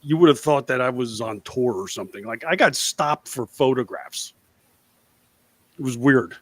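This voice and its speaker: A man co-hosting a casual podcast chat, swearing freely and acting out quotes in a loud, higher voice. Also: normal speed. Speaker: podcast co-host.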